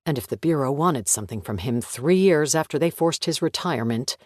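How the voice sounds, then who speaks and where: Measured male audiobook narrator. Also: fairly high pitch, dry recording, clean studio sound. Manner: even, measured reading. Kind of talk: scripted narration.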